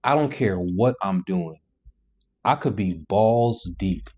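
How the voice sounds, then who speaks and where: A man's voice: deep voice, lively intonation, slow, a little mellow. A man reacting to video clips with blunt, disapproving commentary.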